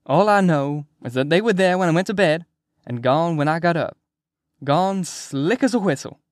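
A cocky male patient who booms out and teases, his voice pitched up and loud, as a man reading an audiobook puts him on. He sings and whines in a mock-pitiful way. The reading is dry and close. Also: lively intonation, moderate pace, no echo, lightly acted. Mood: mock-innocent. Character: brash rowdy male patient, cocky and teasing.

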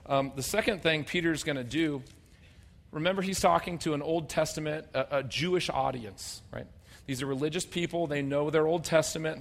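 A man preaching a sermon as pastor, conversational and humorous, swinging between loud emphatic bursts and quiet low asides. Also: gravelly. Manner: conversational and humorous, acting out people's voices.

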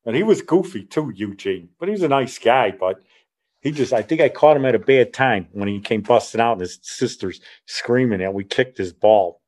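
A middle-aged man telling a childhood story in a rambling, animated way, often correcting himself partway through. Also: mid-range voice, normal speed. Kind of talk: casual spoken reminiscence.

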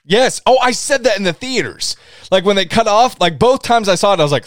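A man co-hosting a movie podcast in casual chat, excitable and laughing often as he acts out stories. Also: sits high, a little fast, no echo, clean studio sound. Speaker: podcast co-host.

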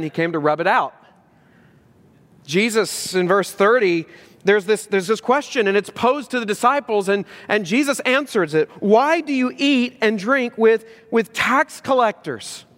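Animated pastor preaching in a reverberant church. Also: male voice, moderate pace. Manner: animated, rhetorical questions, swings from excited to low and earnest. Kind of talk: sermon. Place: church sanctuary. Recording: long hall reverb in a church.

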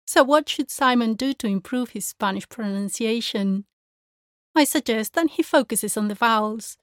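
A female language teacher runs a pronunciation lesson, demonstrating sounds in clear, careful speech. Her voice is on the high side, and the recording is clean studio sound without echo.

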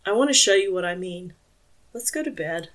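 A woman reading a soft-spoken, earnest husband in an audiobook, voiced gently and only slightly lower than her own voice. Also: lively intonation, moderate pace, distant mic. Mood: tender.

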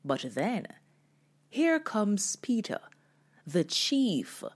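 A woman's voice: medium pitch, big pitch swings, very slow, husky. A woman hosting a devotional talk, delivering her message with dramatic storytelling. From Jamaica. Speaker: host. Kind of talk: devotional sermon.

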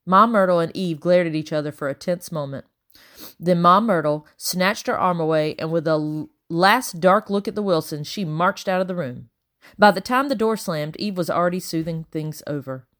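A woman reading a children's novel aloud in a measured, expressive way. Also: lowish voice. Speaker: audiobook reader.

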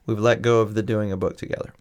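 A man's voice: lowish voice, flat delivery, fast talker, clear, resonant tone. A young man co-hosting a podcast in casual, joking, rambling chat. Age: young adult. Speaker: podcast co-host.

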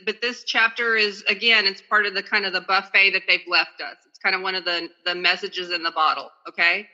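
A woman's voice: on the high side, pushed and bright, highs cut off. A woman speaking at a recovery meeting over a phone video call, in casual, chatty and self-deprecating talk, sometimes reading aloud.

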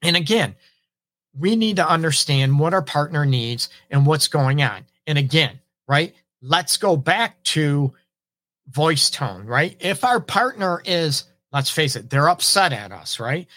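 A middle-aged man who counsels on relationships hosts an advice show, delivering a casual monologue in a fairly high, sing-song voice that is bright and forceful yet unhurried. He keeps things conversational, often asking "right?" and acting out example phrases. The recording is dry.

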